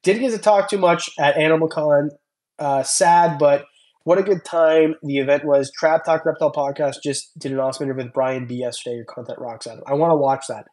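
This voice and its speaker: The speaker is a young reptile channel host chatting casually on stream, rambling and thanking viewers by name while reading their comments. His voice is fairly high, fairly quick, and a little mellow, with fairly even intonation.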